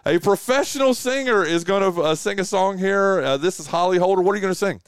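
A man's voice: high voice, fast talker, smooth, no room sound, studio quality. A middle-aged man hosting a radio show, interviewing a guest enthusiastically and rambling with restarts. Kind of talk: casual interview.

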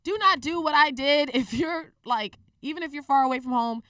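A young woman in her twenties telling a personal story in a candid, profane, animated way on a casual talk show. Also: sits high, moderate pace, dry recording, studio quality, distant mic.

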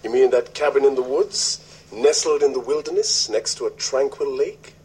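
An actor playing a fussy, city-loving accountant in a sitcom, prim and politely evasive. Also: male voice, medium pitch, moderate pace, a little mellow, husky, low-quality recording. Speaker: sitcom character. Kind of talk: sitcom acting. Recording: hissy old TV clip.

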